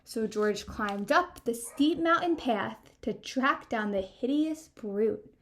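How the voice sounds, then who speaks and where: A woman's voice: on the high side, slow pace. A woman librarian reading a storybook aloud to children and talking to them directly. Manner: animated, addressing kids directly.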